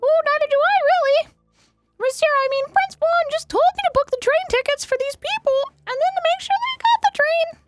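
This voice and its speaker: A woman voicing a timid, excitable male mouse informant in a video game, breathless and fluttery. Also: very high-pitched, fairly quick, dry recording, faint music behind, voice pushed up. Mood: flustered.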